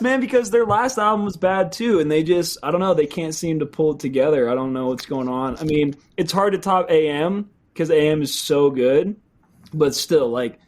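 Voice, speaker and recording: A young man hosting a music podcast in casual chat, laid-back and swearing freely. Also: fairly high pitch. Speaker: podcast host.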